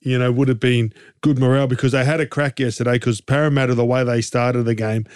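An Australian man co-hosting a casual sports chat, animated and jokey, rambling through his points with restarts and rhetorical questions. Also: mid-range voice, quick pace, clear, resonant tone, no echo, clean studio sound. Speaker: co-host and game commentator.

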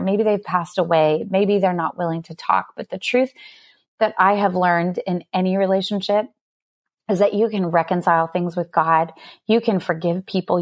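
A woman in her thirties, an author, telling a personal story in an earnest, candid way on a faith-based talk show. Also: lowish voice. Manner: earnest storytelling with frequent laughs. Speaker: author guest. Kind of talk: faith-based podcast conversation.

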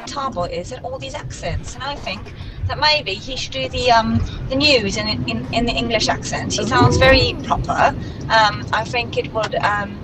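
A woman's voice: fairly high pitch, normal speed, noisy background. A woman chatting casually and hesitantly with a few fillers. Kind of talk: casual chat.

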